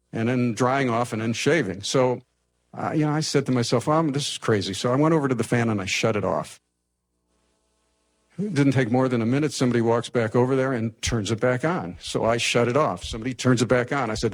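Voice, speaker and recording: An older man from the United States telling a personal story to a live audience, lively and anecdotal with frequent restarts. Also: mid-range voice. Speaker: speaker telling his life story.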